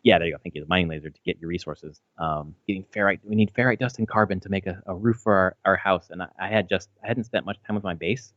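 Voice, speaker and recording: Deep voiced guy in his 30s rambling on a podcast, lots of ums and likes, swears a bunch, dry kinda muffled audio. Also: fast talker, hardly any pauses, a bit bright, no echo. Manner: rambling, with many fillers and restarts; swears casually. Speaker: podcast co-host. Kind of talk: casual podcast chat. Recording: slightly dull, dry audio.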